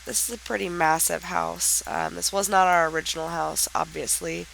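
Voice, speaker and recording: Woman, let's play host, sick with a raspy nasal voice, gravelly, bright tone, hesitant casual commentary. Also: lowish voice, steady tone, moderate pace, a little hiss or hum, poor audio. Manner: hesitant, chatty explaining. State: raspy and nasal from a sinus infection.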